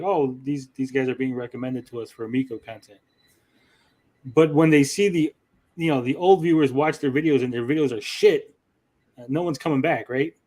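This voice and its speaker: A man hosting a gaming livestream, talking bluntly in casual chat and swearing freely. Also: a little high.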